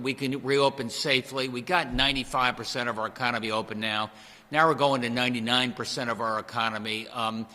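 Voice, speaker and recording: Man, governor, briefing answers, bright tone, echoing hall, measured, many ums. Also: medium pitch. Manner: measured, filler-heavy replies.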